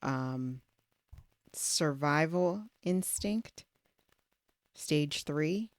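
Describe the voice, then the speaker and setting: A woman hosts the conversation, reflective and chatty. Her voice is very low for a woman. The recording is dry and close. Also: expressive, drawn-out words, dry recording. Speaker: host. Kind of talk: casual interview talk.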